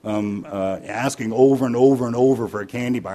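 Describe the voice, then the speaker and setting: Preacher guy telling funny stories, chatty and loose, lots of ums, normal pitch. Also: a little fast, warm tone. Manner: folksy, anecdotal, with fillers and restarts. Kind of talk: sermon with humorous stories.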